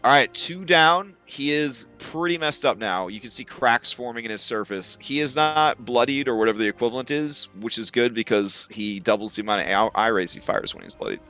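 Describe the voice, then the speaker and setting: Young male game master, bright tone, hesitant delivery, soft music bed. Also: medium pitch, lively intonation, fairly quick, few pauses. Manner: hesitant, filler-heavy, chuckling. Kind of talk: running a tabletop game.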